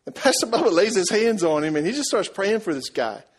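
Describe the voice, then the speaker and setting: A man preaching a sermon, telling a story and asking the congregation questions in a lively, conversational way. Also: sits high, brisk, slightly rough. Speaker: pastor.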